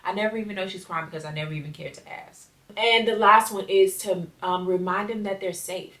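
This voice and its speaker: A woman's voice: medium pitch, steady tone, fairly quick, fairly bright tone. A young adult woman hosting her podcast, talking earnestly and reflectively to her listeners in a casual solo chat. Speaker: podcast host. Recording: roomy sound, a bit distant from the mic.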